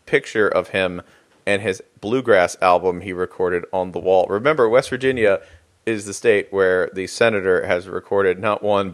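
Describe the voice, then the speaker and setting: A man hosting a casual podcast chat, laughing often and breaking into goofy voices. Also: low voice. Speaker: podcast host.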